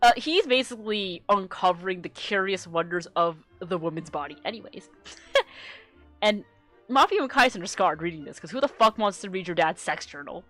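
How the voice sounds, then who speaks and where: A woman streamer reads her own webcomic aloud at her home setup. Her chatter is giggly and meandering, with casual swearing sprinkled through it. Her voice sounds bright, with faint music underneath. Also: fairly low pitch, lively intonation, normal speed. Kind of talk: casual live-stream commentary.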